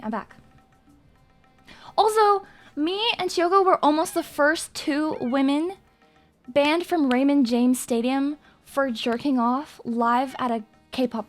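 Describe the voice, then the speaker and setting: A young woman streaming live, chatting in a hyper, rambling and crude way with her viewers. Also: sits high. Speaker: VTuber streamer. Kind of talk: casual live-stream chat.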